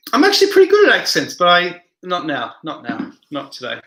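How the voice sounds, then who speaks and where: A tired man hosts a late-night live chat, reading out viewer comments and wandering off into long asides. His voice sits a little high and has a sharp, forceful edge. The room around him rings with a noticeable echo. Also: wildly swooping pitch, a little fast, few pauses, slight background noise. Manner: rambling, reads comments aloud and answers them. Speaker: live stream host.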